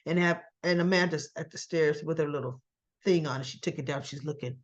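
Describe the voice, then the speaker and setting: A woman's voice: deep voice, fairly quick. Chatty woman recapping, slightly lo-fi. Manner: chatty, conversational asides, acts out quoted lines. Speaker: soap opera recap vlogger. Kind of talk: casual recap narration.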